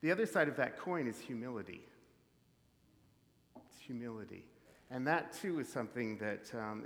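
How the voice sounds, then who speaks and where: A man's voice: mid-range voice, gravelly, a bit bright. A man from the prairies preaching a sermon in an easy, reflective, conversational way with many fillers. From Canadian prairies. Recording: reverberant hall.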